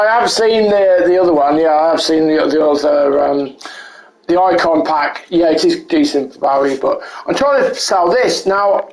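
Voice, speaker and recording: A man's voice: a little high, roomy sound, poor audio. A man giving rambling, self-correcting live commentary while he plays a game, chatting with his viewers. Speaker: streamer.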